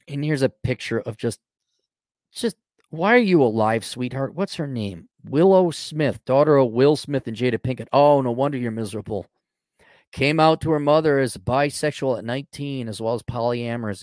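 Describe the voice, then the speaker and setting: A man's voice: medium pitch, no room sound, studio quality. A middle-aged man hosting a podcast. He reads articles aloud and breaks in with mocking, sarcastic asides. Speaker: podcast host. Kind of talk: sarcastic commentary on read-out articles.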